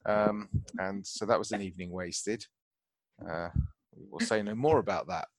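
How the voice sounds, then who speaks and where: A man's voice: lowish voice, measured pace, dry recording. A man hosting a podcast, joking and rambling in casual banter. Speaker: podcast host.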